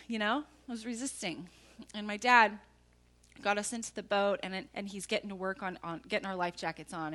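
Animated, bright-voiced woman preaching. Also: mid-range voice. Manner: animated storytelling, emphatic asides to the audience. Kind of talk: sermon with personal story.

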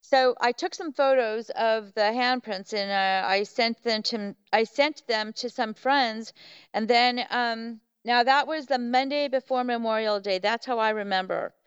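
A woman tells a story in lively, casual fashion, slipping into the voices of the people she quotes. Her voice sits a bit high and sounds very smooth and clean. The recording is dry and somewhat dull. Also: unhurried, no echo. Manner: animated, acts out quoted voices. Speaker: podcast guest, Bigfoot researcher.

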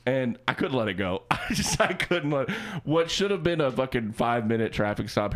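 A man's voice: medium pitch, expressive, normal speed, fairly bright tone. A man telling stories in casual, profane, joking talk as co-host of a radio chat show.

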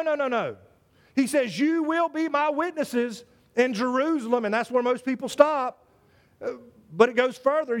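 A man preaching a sermon to his church, emphatic and repetitive, full of rhetorical questions. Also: very high voice. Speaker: pastor.

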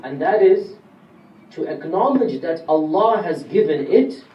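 This Islamic lecturer has a fairly high, animated voice and a measured pace as he teaches Quran commentary in class. He explains step by step and asks his listeners questions. The audio is dull, with a little hiss or hum, and the recording sounds roomy and distant with faint ambience.

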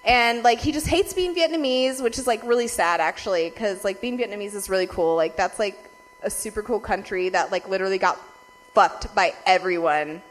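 A young woman telling a story to her viewers. She talks fast with constant "like" fillers, heavy swearing and frequent laughs, and her voice jumps in pitch and loudness as she rants. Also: slight background noise. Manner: animated swings in loudness and pitch when ranting. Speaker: vlogger.

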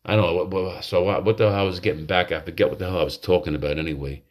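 A man's voice: deep voice, fairly even intonation, rapid-fire. A man hosting a podcast, talking in a rambling, confessional monologue full of restarts, in a manic state. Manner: rambling, confessional, self-interrupting. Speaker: podcast host.

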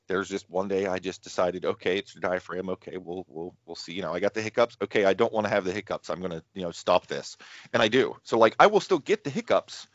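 Deep-voiced man rambling in podcast chat. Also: no room sound. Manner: rambling, self-interrupting storyteller with many restarts. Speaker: podcast co-host. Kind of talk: casual chat. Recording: dull lo-fi sound.

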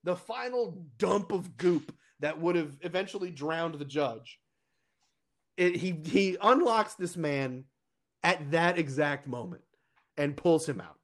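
A man's voice: a little high, slow pace. A young man co-hosting a casual podcast, rambling with restarts and laughing often. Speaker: podcast co-host. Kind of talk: casual chat.

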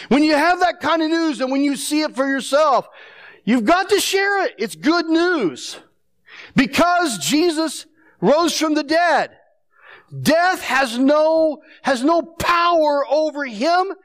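A male pastor delivering a sermon, his voice sitting notably high for a man. He talks conversationally, with restarts and rhetorical questions to the congregation. When he quotes people, he acts them out with animated energy.

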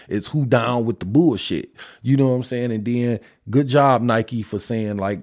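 A man hosting a podcast, ranting in heated, profane casual talk, his pitch jumping sharply on the points he stresses, then sinking into low mutters and sighs. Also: fairly even intonation, brisk, hardly any pauses, darkish tone. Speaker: podcast host. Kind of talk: casual opinion rant.

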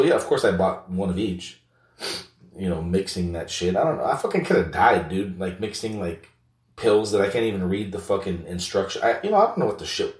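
A man with a low voice hosts a loose, comedic monologue, rambling through "you know"s and heavy profanity. The recording is roomy and echoing, and the mic sits some distance away. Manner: rambling, heavy swearing, filler-laden. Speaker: show host.

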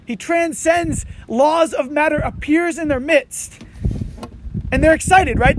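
A man preaching a sermon outdoors, reading scripture and then talking to the congregation in a conversational, animated way. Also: extremely high pitch, a little slow, noisy background. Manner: conversational, animated preaching with frequent "you know" and "right". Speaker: pastor. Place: outdoors under tents on a windy morning.

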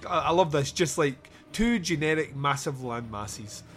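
A man's voice: fairly high pitch, lively intonation, fairly bright tone, soft background music. A man hosting a podcast, reviewing a movie in casual, sarcastic chat with frequent laughs. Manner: laughing, sarcastic, quick asides. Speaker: podcast host.

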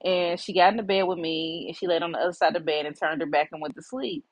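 A woman's voice: fairly low pitch, fast, no room sound, rough recording. A middle-aged woman hosting a podcast, candidly and reflectively telling a personal story with many fillers. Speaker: podcast host.

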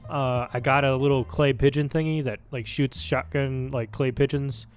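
A man co-hosting a podcast in casual chat, cracking dry, deadpan jokes. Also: mid-range voice, normal speed, soft background music. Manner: dry, joking, deadpan asides. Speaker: podcast co-host.

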